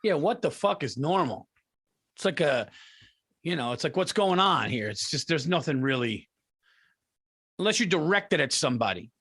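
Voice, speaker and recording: A man's voice: fairly high pitch, normal speed, pauses often, slightly rough. Ranting, profane middle-aged man. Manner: animated, profane, ranting storyteller. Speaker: podcast co-host. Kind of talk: casual comedic storytelling.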